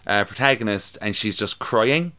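A man's voice: fairly low pitch, lively intonation, normal speed, pushed and bright. Chatty young man, laughing. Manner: chatty, laughing, swearing freely. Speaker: podcast co-host. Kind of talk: casual chat reviewing films.

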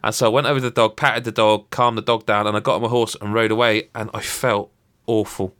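Man, bright voice, rambling, restarts, acts out quotes. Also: fairly low pitch, flat delivery, quick pace. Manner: rambling storytelling with many restarts and acted-out quotes. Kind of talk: casual chat about a video game.

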